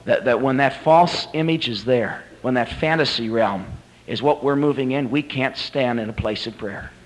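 A male preacher giving a sermon at a convention, retelling a story dramatically and swinging from hushed to climactic. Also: mid-range voice, moderate pace, rough recording.

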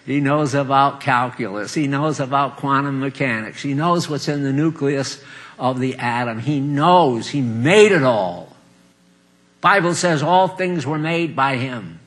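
An older man preaching a folksy sermon, chuckling often and swinging between loud emphatic lines and quiet asides. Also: a little high, animated, unhurried.

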